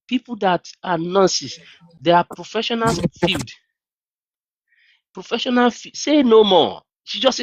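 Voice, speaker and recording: Animated man on a livestream. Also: high voice, measured pace, long pauses, dry recording, lo-fi sound. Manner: animated, incredulous, mimics others in raised voice. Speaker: livestream host. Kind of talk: casual livestream talk. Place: New Zealand.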